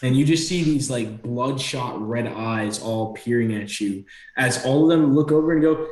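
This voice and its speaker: A man's voice: mid-range voice, normal speed, a little mellow, roomy sound. A young man narrating a tabletop game as game master, loose and casual with fillers.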